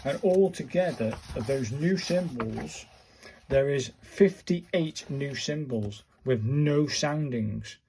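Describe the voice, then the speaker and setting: A man's voice: mid-range voice, animated, slow pace, gravelly, mellow, slight background noise. A man, chatting casually in a vlog and muttering to himself as he counts and searches. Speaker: vlogger learning Japanese writing. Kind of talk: casual thinking-aloud tutorial chat.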